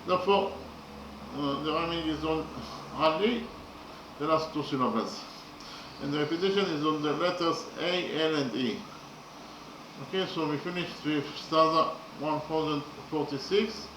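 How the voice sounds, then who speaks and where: A man lecturing slowly and methodically, often pausing with fillers as he works through his points. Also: on the high side, background noise. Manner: slow, methodical, hesitant with frequent fillers. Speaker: literature teacher. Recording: echoey room.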